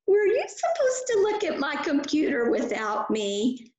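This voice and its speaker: A woman teaching children a Bible lesson with a puppet, gentle and patient in a sing-song way. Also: sits high, sing-song, measured pace. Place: chapel. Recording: echoey chapel room.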